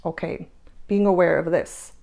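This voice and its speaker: A woman's voice: lowish voice, steady tone, normal speed, vocal fry, mellow. A woman hosting a spiritual energy-update monologue, emphatic, repeating her phrases and asking rhetorical questions. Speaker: spiritual channel host.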